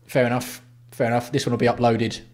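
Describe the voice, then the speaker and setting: A man's voice: mid-range voice, level tone, quick pace, darkish tone. Sweary, blunt man chatting on a livestream. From England. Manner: blunt, sweary, banters with chat. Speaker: livestream host. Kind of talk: casual livestream chat.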